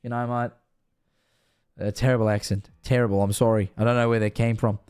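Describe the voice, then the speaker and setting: A man's voice: on the low side, flat delivery, fast, a little mellow, clean tone. Tired young man rambling through a sign-off. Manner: rambling, chatty, loose with swearing. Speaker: livestream host. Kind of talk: casual stream sign-off chat.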